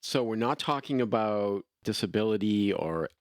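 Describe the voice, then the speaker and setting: A man's voice: on the low side, animated, normal speed, dry recording, studio quality. An older man co-hosting a podcast, chatting in an easygoing, joking way. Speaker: podcast co-host. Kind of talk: casual chat.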